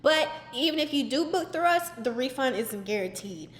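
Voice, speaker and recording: A young woman tells a storytime vlog in an animated, exasperated way, her high voice leaning on "like" again and again. The room around her is echoey, with a long ring after each phrase. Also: normal speed, soft background music. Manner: animated, exasperated, frequent "like" fillers. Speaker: vlogger. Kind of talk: casual storytime. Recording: roomy echoey indoor recording.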